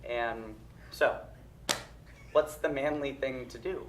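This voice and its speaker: A man's voice: mid-range voice, takes it slowly. Self-mocking man telling a story. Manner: self-mocking, lively, with frequent fillers. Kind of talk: live comedic storytelling. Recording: echoey stage room with loud noise.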